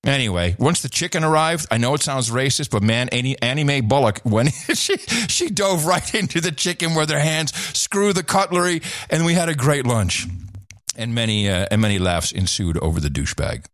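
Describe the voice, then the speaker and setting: A man's voice: medium pitch, expressive, normal speed, a bit bright, no room sound, studio quality. A middle-aged man and host telling a story in casual chat. He rambles, restarts his sentences often and laughs now and then. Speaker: podcast host and former radio/TV host.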